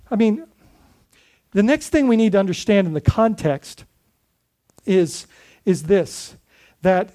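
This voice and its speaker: A man's voice: high-pitched, darkish tone. A man preaching a sermon as lead pastor, speaking conversationally and putting questions to his congregation.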